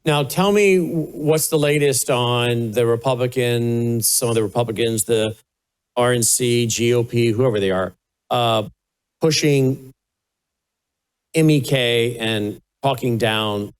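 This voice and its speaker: A man's voice: mid-range voice, slow, clean tone. Talk show host, direct questioning man.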